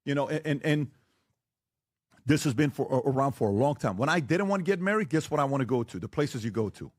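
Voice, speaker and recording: A man debating on a talk show, who lectures forcefully and keeps firing rhetorical questions and blunt warnings. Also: mid-range voice, animated, quick pace, no echo, studio quality. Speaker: podcast guest debating the host. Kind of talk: heated debate.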